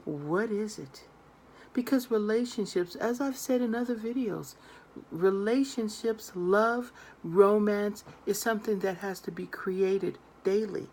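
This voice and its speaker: A woman's voice: mid-range voice, measured pace, darkish tone. A woman tarot reader giving earnest, emphatic advice straight to her viewers. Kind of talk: direct-to-camera advice monologue.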